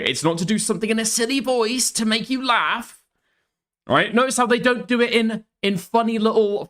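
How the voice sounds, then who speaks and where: A man's voice: high-pitched, pushed and bright. A man doing casual reaction commentary as a streamer, blunt and profane, tagging his points with "okay?".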